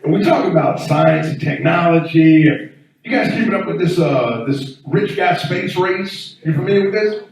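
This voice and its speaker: Male stand-up comic, lively swooping pitch, echoey room, heard from far off. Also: normal speed, creaky. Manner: animated, chatty with the crowd. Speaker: stand-up comedian. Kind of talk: stand-up set.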